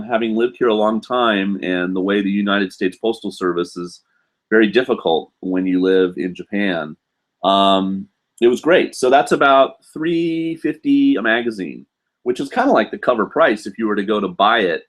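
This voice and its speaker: A man's voice: lowish voice, moderate pace. Rambling man hosting a live stream. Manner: rambling, many fillers and restarts. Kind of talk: casual live-stream chat.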